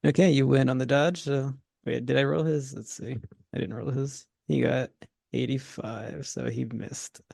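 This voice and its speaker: A man narrating a tabletop horror game as game master, in a relaxed manner, chuckling between descriptions. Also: mid-range voice, normal speed, gravelly, husky, no echo, studio quality.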